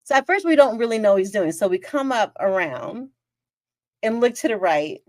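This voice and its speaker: A chatty woman hosts her own podcast, telling a story in a loose, casual way. Her pitch swoops up and down as she exclaims and acts out the moments. The voice sounds close and dry, with almost no room sound. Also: normal speed, no echo. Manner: animated, chatty, exclaims and re-enacts scenes. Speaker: podcast host.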